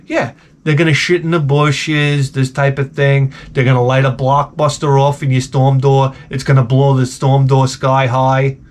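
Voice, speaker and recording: A man's voice: medium pitch, level tone, normal speed. A man ranting sarcastically while giving comedic advice, swearing a lot and sounding exasperated. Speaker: advice vlogger.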